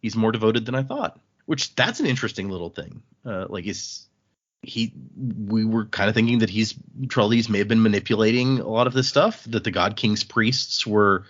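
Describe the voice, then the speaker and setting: A man's voice: lowish voice, normal speed. A man hosting a podcast, chatting casually as he retells book scenes with frequent restarts. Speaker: podcast host. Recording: dull lo-fi audio.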